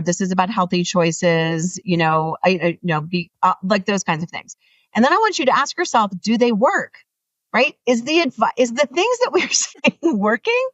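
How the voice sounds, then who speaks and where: A woman author being interviewed, talking earnestly and animatedly, often rising in pitch to make a point. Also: dry recording, recorded from a distance, highs cut off. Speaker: author guest. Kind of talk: interview conversation.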